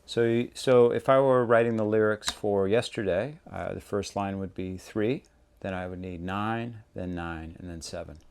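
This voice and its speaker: A man hosting a songwriting lesson, explaining step by step in a relaxed, conversational way. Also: on the low side, normal speed, slight background noise. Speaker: songwriting teacher, show host. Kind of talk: casual instructional talk.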